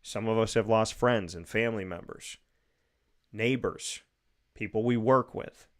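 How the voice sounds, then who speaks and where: A man's voice: on the low side, measured pace. A man hosting a radio show, delivering an emphatic, opinionated monologue and acting out imagined speakers. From United States.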